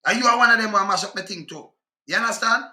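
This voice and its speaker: A man's voice: high-pitched, fast, bright, forceful tone, roomy sound. A man with a Jamaican accent in an angry, profane rant reacting to clips. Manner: heated, profane, scolding.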